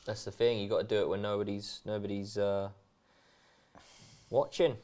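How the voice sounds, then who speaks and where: A man's voice: fairly low pitch, level tone, measured pace, darkish tone, clear, resonant tone. Chatty laughing man, casual co-host. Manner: chatty, laughs often, rambling restarts. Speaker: co-host reading viewer chat. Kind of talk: casual chat during a match watchalong.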